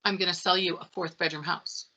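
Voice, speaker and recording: A middle-aged woman sales expert in a casual interview, telling stories with animated acted-out dialogue. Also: fairly low pitch, fairly quick, poor audio. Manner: animated storytelling, acts out dialogue. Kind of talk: conversational interview.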